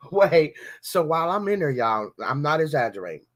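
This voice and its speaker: A woman podcast host in casual chat, telling lively stories and calling her listeners y'all. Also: low voice, normal speed. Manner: animated storytelling with slang, addressing listeners as y'all.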